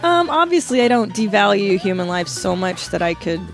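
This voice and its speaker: A woman's voice: medium pitch, sing-song, moderate pace, creaky, music in the background. Playful laughing woman podcast co-host. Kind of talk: casual chat.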